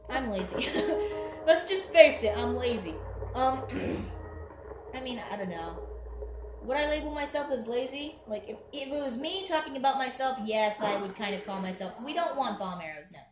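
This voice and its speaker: A chatty woman with a slightly high voice, rambling through casual gameplay commentary at home. She talks freely to the game and to herself. Her voice echoes around the room while game music plays behind her. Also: lively intonation, moderate pace. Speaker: gaming channel host.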